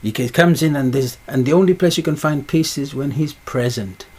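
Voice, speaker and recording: A man's voice: mid-range voice, moderate pace, darkish tone, breathy edge. A man preaching a sermon, pressing his points with repeated rhetorical questions.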